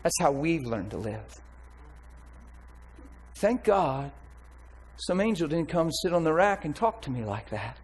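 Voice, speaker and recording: A man's voice: on the high side, big pitch swings, unhurried, long pauses, husky, rough recording. A man preaching his testimony in an impassioned, emphatic way. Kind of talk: testimony sermon.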